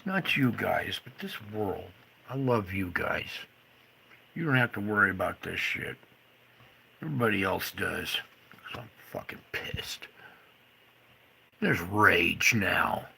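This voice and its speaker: A man ranting furiously to camera, swearing and swinging between loud outbursts and low muttering. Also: lively intonation, unhurried, gravelly, slight background noise. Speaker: video creator. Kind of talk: angry monologue to camera.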